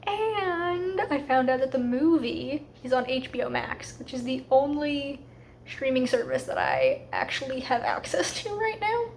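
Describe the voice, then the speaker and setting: A woman talking casually in a reading vlog, chatty and a little rushed, with lots of fillers. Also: sits high, big pitch swings, vocal fry, darkish tone, slight background noise. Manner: quick, slightly rushed asides. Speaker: book vlogger.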